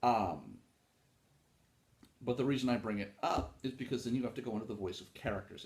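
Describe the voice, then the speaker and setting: A man talks through writing advice in a loose, rambling way, with lots of fillers and the odd curse. His voice sits at a middle pitch. The room around him is roomy and echoey. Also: animated, brisk, a little mellow. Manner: rambling and informal, with frequent fillers and some swearing. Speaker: podcast host talking about writing. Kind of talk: casual solo talk on writing craft.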